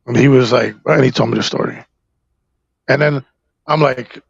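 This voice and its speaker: Man, from New Jersey, very gravelly, husky, dry dull recording, rambling candid storytelling. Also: mid-range voice, no room sound. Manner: halting, rambling, with frequent fillers and profanity. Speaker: podcast guest.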